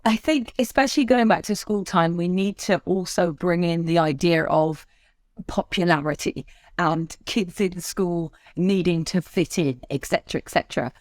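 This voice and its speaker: A woman's voice: lowish voice, moderate pace, no echo, clean studio sound. A woman who works as a speaker trainer, talking expressively as a podcast guest and shifting her tone to make her points. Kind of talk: conversational interview.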